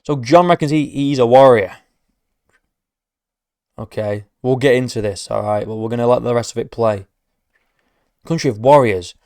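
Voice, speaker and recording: A man's voice: medium pitch, normal speed, long pauses, darkish tone, smooth, dry recording, studio quality. A man giving profane, mocking reaction commentary as an MMA commentator, ranting sarcastically.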